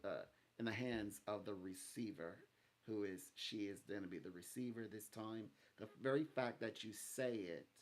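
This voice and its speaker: A man with a fairly low voice gives a psychic reading over the phone. He speaks gently and rambles, often breaking off mid-word to restart with fillers. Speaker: psychic reader.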